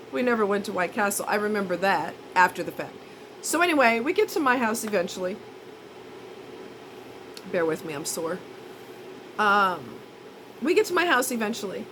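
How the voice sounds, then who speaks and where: A woman's voice: medium pitch, big pitch swings, moderate pace, long pauses, fairly bright tone, slight background noise, low-quality recording. A woman telling a rambling, self-mocking story in a chatty, casual way. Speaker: vlogger.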